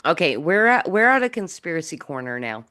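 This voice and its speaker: A woman's voice: deep voice, big pitch swings, fairly quick, bright, forceful tone, clean tone. A woman hosting a talk show over a video call, playful and teasing, laughing often. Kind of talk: casual video call chat.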